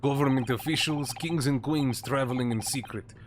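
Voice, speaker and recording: A man doing a burly, haughty sailor guarding the first-class cabins of a game, barking out broken English. He is curt and dismissive, and steady noise hisses behind him. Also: medium pitch, normal speed, close to an everyday voice. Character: gruff burly male ship's guard, haughty.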